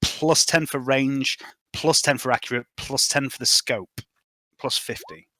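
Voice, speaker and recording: Male game master, bright voice, dry sound, brisk, swears. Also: mid-range voice, dry recording. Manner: brisk, swearing, tallies dice aloud. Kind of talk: narrating a tabletop game.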